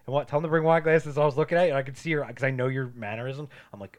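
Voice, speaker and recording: A man's voice: a little high, very fast, hardly any pauses. Guy on a movie podcast, rambles thru the plot, does little voices for everyone, swears a lot. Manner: rambling, acts out characters in quotes, swears. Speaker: podcast co-host. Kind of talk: casual movie chat.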